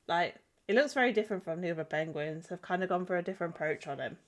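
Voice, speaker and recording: A woman's voice: lowish voice, expressive, fast talker. Girl streaming her drawing, giggly and chatty, stuffed up with a cold. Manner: giggly, chatty, self-deprecating. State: has a cold. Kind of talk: casual live-stream chat while drawing.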